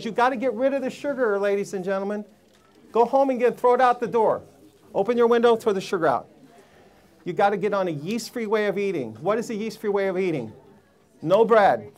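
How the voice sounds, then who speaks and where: A man giving a live seminar talk to a room full of people, emphatic and preachy, firing rhetorical questions at the audience. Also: high voice. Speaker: health seminar speaker.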